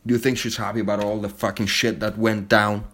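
A man's voice: on the low side, level tone, a little fast, fairly bright tone. A man delivering an angry, heavily profane monologue straight to camera, blunt and heated.

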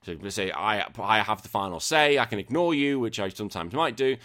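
A man's voice: fairly low pitch, animated, quick pace, fairly bright tone. A man hosting a podcast, chatting casually in a rambling, joking way with frequent swearing. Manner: swearing, rambling, jokey tangents. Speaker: podcast host.

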